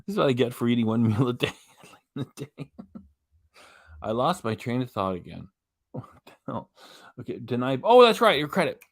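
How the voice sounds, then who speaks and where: A man's voice: medium pitch, big pitch swings, normal speed, gravelly, long pauses, no room sound, clean studio sound. A man hosting a reaction channel, giving rambling, mocking casual commentary on a clip. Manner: mocking, rambling, loses his train of thought.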